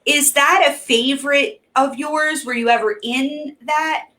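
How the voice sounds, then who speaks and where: A woman hosting a relaxed interview, circling around her questions with fillers and restarts. Her voice sits a little higher than most. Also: unhurried. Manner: warm, rambling questions with many fillers. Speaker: host. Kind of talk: casual interview chat.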